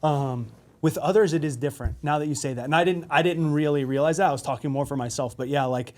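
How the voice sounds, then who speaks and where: A man's voice: on the high side, fast, a little mellow. Male co-host, lighter voice, candid, self-mocking chat. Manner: candid, self-deprecating, swears casually. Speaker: podcast co-host. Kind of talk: casual conversation.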